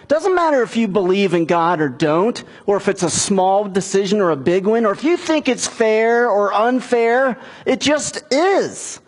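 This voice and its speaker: A middle-aged man preaching a sermon, retelling a scripture story and giving the characters' lines in a raised, animated voice. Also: high-pitched, a little slow, hardly any pauses, slightly rough. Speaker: pastor.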